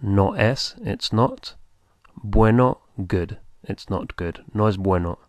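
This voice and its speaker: A man's voice: fairly low pitch, lively intonation, slow pace, darkish tone, no echo. A man teaching a beginner language lesson, patiently repeating and spelling out words.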